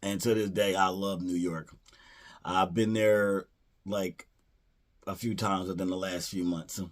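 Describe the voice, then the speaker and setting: A man with a low, deep voice talks through a movie's plot in a loose, casual way. He wanders and restarts his sentences, leaning on "you know" and "uh" as he goes. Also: little pitch movement, a little slow. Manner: rambling, many fillers and restarts; playfully acts out character lines. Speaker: movie reviewer.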